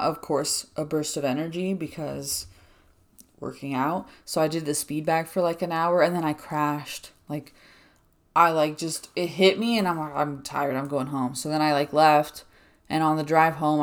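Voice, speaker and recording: A young woman with a low voice talks through a casual solo podcast episode. She rambles in a chatty way, dropping "like" constantly, and sounds a little out of breath. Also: steady tone, a little slow. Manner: rambling, chatty, filler-heavy with frequent "like". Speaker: podcast host.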